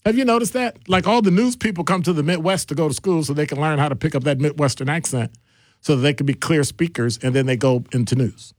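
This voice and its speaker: A man hosting a radio talk show in a casual, animated way, with playful asides as he moves between topics. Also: fairly high pitch, quick pace, no room sound, clean studio sound.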